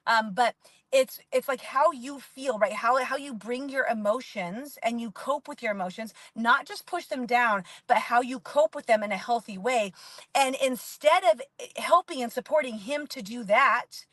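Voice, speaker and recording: A woman's voice: a little high, normal speed, a bit bright, dry recording. A woman in her forties talking candidly about parenting in a casual, rambling monologue, full of "like". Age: 40s. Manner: rambling and candid, heavy use of "like". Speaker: parenting vlogger.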